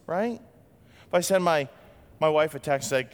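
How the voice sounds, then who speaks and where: A man preaching a sermon as pastor, lively and expressive, acting out quoted voices. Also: moderate pace, pauses often, smooth, in a large hall. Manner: animated, acts out quotes with big swings in pitch.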